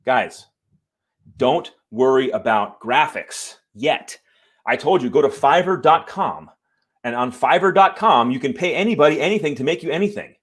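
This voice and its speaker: A man's voice: mid-range voice, moderate pace, breathy edge. Fired-up man hosting a live stream. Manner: fired up and emphatic; animated, swears and apologizes. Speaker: live show host. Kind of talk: live-stream talk to viewers. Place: home room.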